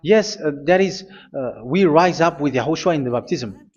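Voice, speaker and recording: Male preacher, somewhat high voice, halting delivery that reads scripture out, muffled lo-fi recording. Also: expressive, a little mellow, breathy edge. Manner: halting, repeats phrases, reads scripture aloud. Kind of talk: sermon.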